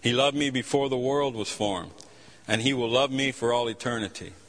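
With a fairly bright, medium-pitched voice, a steady tone and a normal speed, this pastor delivers his sermon through impassioned storytelling. He keeps restarting his lines, and a long reverb fills the hall.

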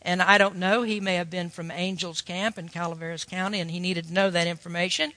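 A man delivers a sermon in a high, bright voice, folksy and emphatic as he spins a story for his listeners. The sound is dry and close, yet trails off into a long hall reverb. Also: fairly even intonation, fairly quick. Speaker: preacher.

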